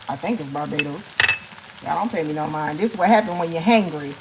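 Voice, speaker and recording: A woman's voice: deep voice, lively intonation, fairly quick, background noise. A woman hosting a casual cooking live stream, joking and chatting playfully with her viewers as she cooks. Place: home kitchen. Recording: frying sizzle in kitchen.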